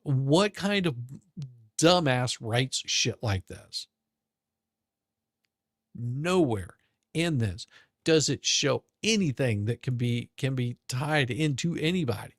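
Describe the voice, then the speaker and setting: A man's voice: mid-range voice, animated, slow pace, pauses often, no echo, clean studio sound. A man streaming a profane, sarcastic rant of commentary, mocking the people he talks about. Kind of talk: ranting commentary. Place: home streaming setup.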